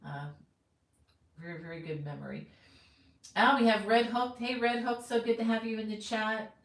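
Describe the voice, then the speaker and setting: Middle-aged lady chatting on her crochet livestream, lowish voice, echoey room. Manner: chatty, friendly, greets viewers by name. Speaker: crochet teacher hosting a live stream. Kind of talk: casual live-stream chat.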